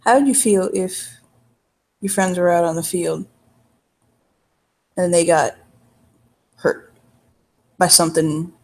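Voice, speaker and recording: A woman's voice: fairly low pitch, slow, pauses often, a little mellow. A woman playing her character in a tabletop role-play game, telling a long, folksy, rambling story in character.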